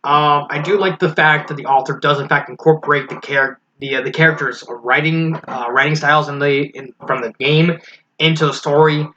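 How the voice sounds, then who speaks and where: A man's voice: fairly high pitch, steady tone, a little fast, bright, forceful tone. A man giving a casual spoken review of a fan story, frank and critical, thinking aloud as he goes. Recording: slightly dull lo-fi recording with faint hiss.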